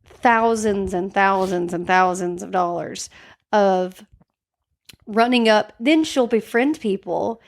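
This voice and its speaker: A woman with a mid-range voice speaks slowly as a podcast co-host in a casual true-crime chat. She tells a story full of "like" fillers and acts out the quoted lines.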